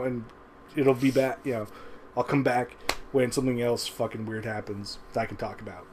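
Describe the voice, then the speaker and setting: A man's voice: medium pitch, darkish tone, a little hiss or hum. A man giving a casual, rambling review of an old TV episode into a webcam, swearing often and chuckling as he goes. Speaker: show reviewer. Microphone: webcam recording.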